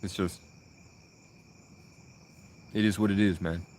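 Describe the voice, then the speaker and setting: A man's voice: low-pitched, steady tone, slow pace, darkish tone, a little hiss or hum. A young man telling personal stories in a rambling, profane, casual way, full of restarts. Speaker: vlogger.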